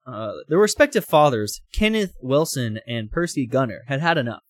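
A man's voice: medium pitch, big pitch swings, moderate pace, no echo, clean studio sound. A man hosting a comedy show, reading a story aloud with laughs between lines.

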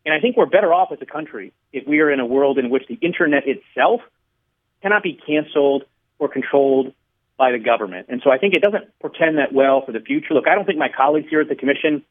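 Calling in over a thin, tinny phone line, a regulatory commissioner appears as a radio guest to explain a policy. His voice is fairly high with lively intonation, and he speaks in a measured, explanatory way, using stories to make his points.

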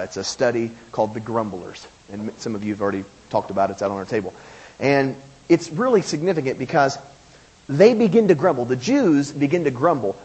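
A man preaching a sermon in an emphatic, animated way, with quotes and asides. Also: mid-range voice, breathy edge. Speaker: pastor.

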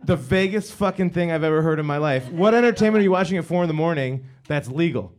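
A man's voice: on the high side, lively intonation, quick pace, natural voice. A man playing an exhausted, confused guest on a mock talk show, rambling and blurting odd questions in an improvised comedy on stage. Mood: dazed. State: sleep-deprived. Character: exhausted, confused sleepless man with bug troubles. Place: stage before a live audience.

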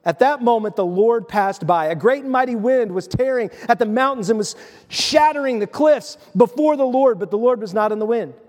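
A male pastor preaching a sermon, telling the story with animated voices and dropping to a soft hush at times. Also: very high-pitched, moderate pace, long reverb tail.

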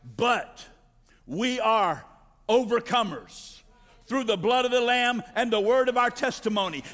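A male pastor preaching a sermon, building to shouted climaxes and calling for responses from the congregation. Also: very high-pitched, lively intonation, unhurried, big-room sound.

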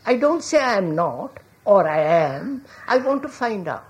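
A woman's voice: mid-range voice, big pitch swings, a little slow. A woman giving a reflective public talk, asking questions and often checking whether listeners follow, calling them sir. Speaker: public speaker.

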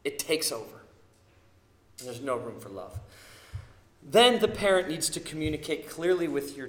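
A man in his thirties preaching a sermon, telling family stories with lively acted-out quotes. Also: mid-range voice, roomy sound. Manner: animated storytelling, acting out quotes. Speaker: pastor.

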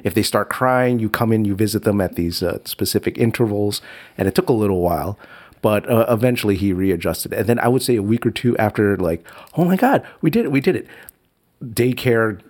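A man's voice: fairly low pitch, fairly quick, darkish tone. A man chatting casually as a father, rambling with many restarts and little laughs. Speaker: father of a young child. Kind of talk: casual chat.

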